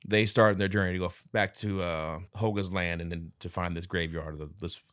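A man co-hosting a podcast, casually retelling a movie and breaking into high voices for the characters. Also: steady tone, a little fast, a bit bright, no room sound, studio quality. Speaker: podcast co-host. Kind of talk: casual movie recap chat.

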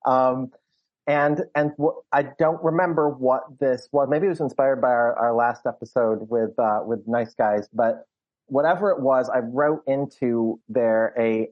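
A man's voice: medium pitch, fairly even intonation, a little slow, muffled recording. A man co-hosting a podcast, talking through a film in casual chat with many restarts. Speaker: podcast co-host.

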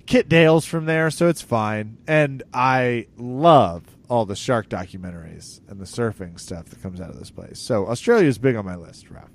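Podcast co-host, man, mid-pitched, joking, bursts of loud emphasis. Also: moderate pace, hardly any pauses. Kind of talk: casual comedic chat.

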